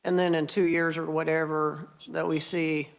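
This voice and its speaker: A woman chairing a legislative committee hearing, asking the witness questions in a brisk, conversational way. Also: low-pitched, little pitch movement, gravelly.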